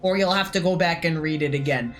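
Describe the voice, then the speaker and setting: A woman's voice: deep voice, brisk, faint music behind, rough recording. A woman live-streaming a game, chatting in a joking, profane, rambling way. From United States. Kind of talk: casual live-stream chat while playing a game.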